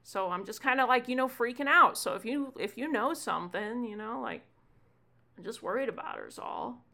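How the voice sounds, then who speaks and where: Nervous pushy youth, voiced by a woman, high and sharp, climbs to loud outbursts. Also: animated, brisk, creaky, exaggerated voice. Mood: worried. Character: young man Gunther, nervous and pushy.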